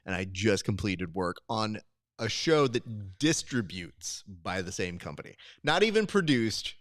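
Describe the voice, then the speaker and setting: Animated man hosting a live stream. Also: lowish voice, unhurried, dry recording, clean studio sound. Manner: animated storyteller, swears freely. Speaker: host. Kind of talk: casual live-stream chat.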